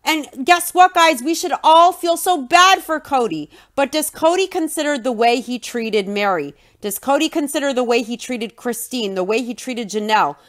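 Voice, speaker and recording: A woman's voice: high-pitched, animated, normal speed, hardly any pauses, fairly bright tone. A woman hosting a podcast and recapping a reality show in a scornful, mocking way. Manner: scornful, mocks in a whiny put-on voice. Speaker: podcast host.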